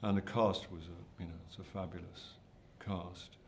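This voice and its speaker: Low-voiced older actor, self-deprecating. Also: male voice, steady tone, moderate pace, creaky, a little hiss or hum. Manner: hesitant, self-deprecating, many restarts. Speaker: actor being interviewed. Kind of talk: press junket interview.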